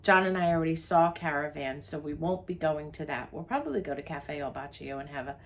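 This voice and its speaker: An older woman with a low-pitched voice chats her way through a travel vlog, running down the day's plans in a relaxed, friendly way. She is from New Jersey and co-hosts with her husband. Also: fairly quick, slight background noise. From New Jersey, USA. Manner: chatty, lists the day's plans. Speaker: vlog co-host. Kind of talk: casual travel vlog chat.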